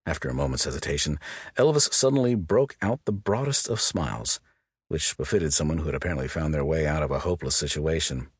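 Deep, husky male narrator for a gritty audiobook, lively delivery, dry studio sound. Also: a little fast, no room sound. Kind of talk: scripted narration.

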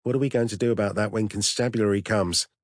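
A man's voice: fairly low pitch, fairly even intonation, fast talker, dry recording, clean studio sound, natural voice. A man voicing a troubled young man in an audiobook, faltering and anguished. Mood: shaken. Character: young man, troubled, shaken by his own violence.

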